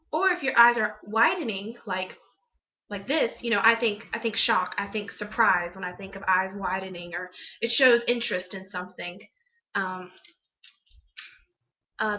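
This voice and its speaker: A young woman student giving a casual class presentation on gestures, halting with frequent ums. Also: medium pitch, bright, forceful tone, muffled recording. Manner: halting, many ums, demonstrates expressions.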